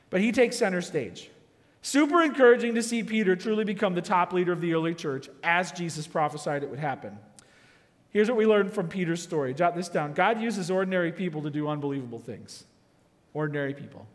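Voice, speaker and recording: Male pastor preaching with animated energy, fairly high voice, long hall reverb. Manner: animated, acts out quotes with sudden loud shouts. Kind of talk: sermon.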